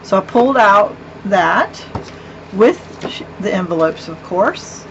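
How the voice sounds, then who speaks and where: Middle-aged woman, unhurried, gushing craft vlogger; dull lo-fi recording at a home craft table. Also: mid-range voice, lively intonation. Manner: chatty, rambling, with gushing asides. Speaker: card-making vlogger. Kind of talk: casual craft show-and-tell. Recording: dull lo-fi with faint hum.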